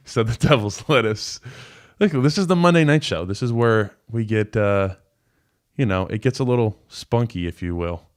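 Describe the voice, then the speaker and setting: A man's voice: on the low side, expressive, moderate pace. Man, 20s, former player turned show host; casual, rambling delivery full of fillers. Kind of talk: live call-in sports talk.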